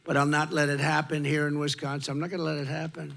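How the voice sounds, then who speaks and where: Speaking fast with a fairly high, level and creaky voice, an older male candidate gives an off-the-cuff rally speech into a podium mic, repeating short emphatic lines to a large crowd. Heavy background noise sits under the reverberant PA sound, with the crowd faint.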